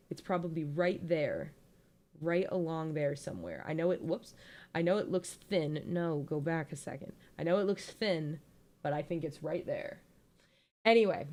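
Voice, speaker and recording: A woman's voice: on the low side, a little mellow. A young woman giving a casual, joking slideshow presentation, playful and giggly with lots of ums.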